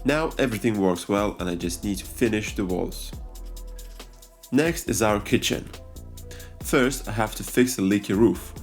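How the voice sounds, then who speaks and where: A man's voice: on the low side, moderate pace. A man narrating a voice-over on his farmhouse renovation, explaining each step plainly with slightly non-native phrasing. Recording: faint music behind.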